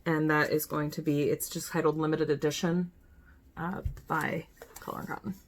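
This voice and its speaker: Gravelly-voiced chatty Midwestern woman. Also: deep voice, flat delivery, moderate pace, slight background noise. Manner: chatty, self-correcting, talks to herself while handling items. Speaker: cross-stitch vlogger. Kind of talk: casual show-and-tell chat. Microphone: phone camera.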